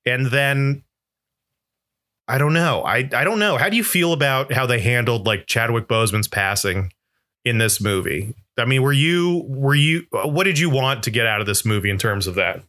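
A man's voice: mid-range voice, animated, normal speed, sharp tone. A man in casual film discussion chat, rambling with lots of "like" fillers and getting emotionally worked up. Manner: swears when worked up. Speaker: podcast co-host.

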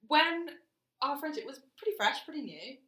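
A woman co-hosting a podcast, telling stories frankly and in an animated way, often laughing. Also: high-pitched, normal speed, echoey room, rough recording. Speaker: podcast co-host. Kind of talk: casual chat.

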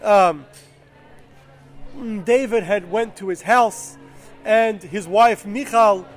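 A man's voice: high-pitched, slow, faint music behind. A man casually retelling a Bible story, with fillers and self-corrections.

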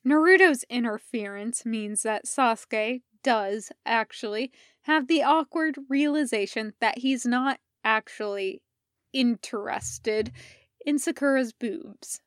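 A woman narrates a fan-fiction audiobook in a fairly high voice, taking her time over each phrase. The recording is close and dry, with almost no echo. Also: slow. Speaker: podfic reader. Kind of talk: unhurried reading of fan fiction.

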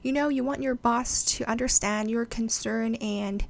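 A woman presenting an explanatory video talk, measured and speaking straight to her viewers. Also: a little high, steady tone, creaky.

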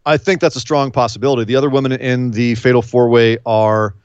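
A man co-hosting a podcast in casual chat, animated, with incredulous outbursts and quick asides. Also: mid-range voice, clean tone, dry recording. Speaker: podcast co-host. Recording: dull, lo-fi dry sound.

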